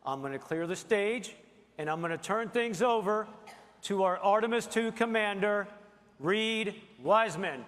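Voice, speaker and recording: A man, an emcee, announcing the next speaker from the stage in a drawn-out, rallying delivery. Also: sits high, expressive, fairly bright tone. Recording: hall reverb with crowd and noise.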